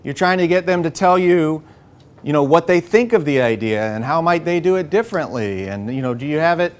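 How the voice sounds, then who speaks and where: Man running a workshop, slightly high voice, energetic coaching tone, keeps checking in with the room. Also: fairly quick, smooth. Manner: energetic, coaching tone with frequent "okay?" and "right?" check-ins. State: a bit out of breath. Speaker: workshop facilitator. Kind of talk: live workshop instruction.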